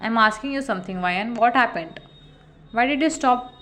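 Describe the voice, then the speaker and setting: A woman's voice: a little high, moderate pace. A woman voicing a caring, protective young man in a fan fiction story, speaking earnestly and pleading. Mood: worried. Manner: earnest, pleading, softly spoken.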